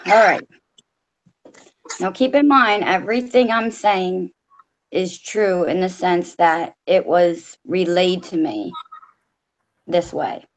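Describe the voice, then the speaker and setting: A woman's voice: on the low side, slow pace, pauses often, rough recording. A woman co-host reading a story aloud in a casual, blunt way, swearing freely.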